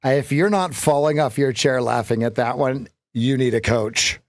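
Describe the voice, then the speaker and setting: A man coaching on a live trading stream thinks aloud through numbers, chatting away and laughing at his own jokes. His voice is medium-pitched at a normal speed, recorded dry with studio quality.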